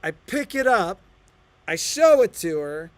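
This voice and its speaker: A middle-aged co-owner of a shop co-hosts its livestream, chatting casually and telling stories with animation, acting out the quoted dialogue. His voice is high and measured in pace, heard in a dry recording.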